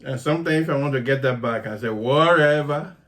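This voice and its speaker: A man's voice: mid-range voice, brisk, fairly bright tone. A man co-hosting a couple's channel, chatting casually and teasing his wife back in a playful way. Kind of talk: casual chat.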